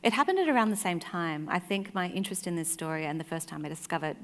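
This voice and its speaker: A woman with a slightly low voice, recounting a story with animated energy and easy laughter. She is speaking on a festival stage, and the sound rings out with a long hall reverb. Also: quick pace. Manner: animated anecdotes, laughs often, soft asides. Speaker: author and festival guest. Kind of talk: storytelling in a live conversation.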